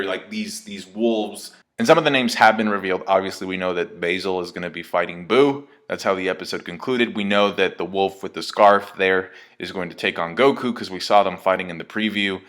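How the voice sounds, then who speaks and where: A man giving a casual, excitable video review of an anime episode, rambling and swearing freely. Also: fairly low pitch. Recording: echoey room.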